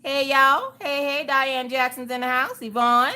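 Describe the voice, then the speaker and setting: A woman's voice: sits high, fairly even intonation, measured pace, bright, forceful tone. A woman hosting a casual crafting livestream, greeting her viewers by name as she works. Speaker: livestream host.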